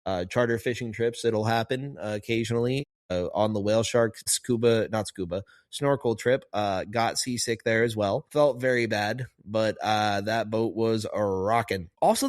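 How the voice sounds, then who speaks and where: A man's voice: on the low side, dry recording, studio quality. Chatty man rambling on a podcast. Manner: chatty, rambling, many fillers. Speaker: podcast host, marine biologist. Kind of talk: casual podcast commentary.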